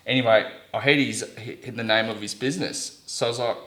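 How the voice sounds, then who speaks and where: Rambling Australian man, low voice, echoey room. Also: a little fast, hardly any pauses, a bit bright. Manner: rambling anecdotes full of "like" and acted-out quotes. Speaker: guest. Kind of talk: casual storytelling chat.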